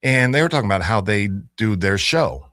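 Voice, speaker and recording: A man's voice: on the low side, lively intonation, a little fast, fairly bright tone, no echo, studio quality. A man hosting a morning radio talk show, chatting casually and rambling a little, with plenty of self-corrections. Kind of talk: casual on-air chat. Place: radio studio. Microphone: studio microphone.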